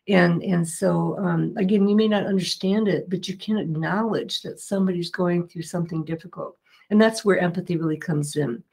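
A middle-aged woman speaks as an interview guest, explaining her work in an earnest, patient way. Her voice sits on the lower side. She pauses often with fillers and starts over mid-sentence. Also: vocal fry, a little mellow, breathy edge. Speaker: mediator and guest. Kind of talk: interview answers.

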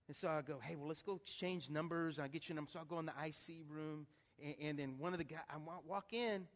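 High-pitched pastor telling a story. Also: male voice. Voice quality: animated storyteller, acts out voices. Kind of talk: storytelling sermon. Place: church.

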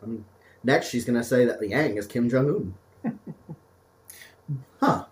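A man's voice: medium pitch, animated, slow. A man co-hosting a podcast, bantering sarcastically with crude jokes and mock voices. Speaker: podcast co-host.

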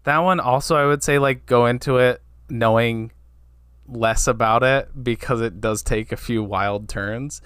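A man co-hosting a podcast in casual chat, halting and restarting his sentences often. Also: mid-range voice, fairly bright tone, smooth, dry recording, studio quality. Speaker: podcast co-host.

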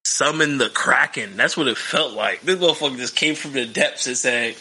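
A man chatting excitedly about wrestling, swearing freely and acting out quotes. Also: medium pitch, moderate pace, breathy edge, rough recording. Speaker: wrestling podcast co-host. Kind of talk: casual chat.

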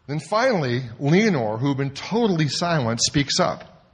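A man preaching a sermon, telling a story in an animated way and swinging from hushed to loud. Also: on the high side, unhurried, husky. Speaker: pastor.

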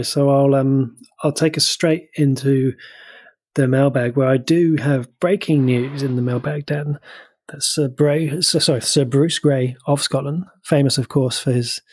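A New man co-hosting an entertainment podcast, joking in a dry, teasing way. His voice is slightly husky and recorded close with no room sound. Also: mid-range voice, darkish tone, no echo. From New Zealand. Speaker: podcast co-host. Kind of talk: casual chat.

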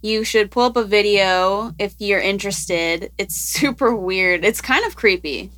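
A woman co-hosts a podcast, walking through science stories in a loose, rambling way and laughing often. Her voice is bright and ringing, pitched in the middle for a woman. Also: unhurried. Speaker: podcast co-host presenting science news. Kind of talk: casual podcast chat.

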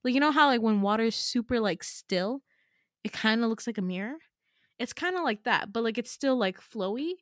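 A woman's voice: a little high, expressive, a little fast, dry recording, clean studio sound. A young woman hosting a podcast and telling a dream story in casual chat, full of fillers, swearing and self-mocking laughs. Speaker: podcast host. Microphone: home podcast mic.

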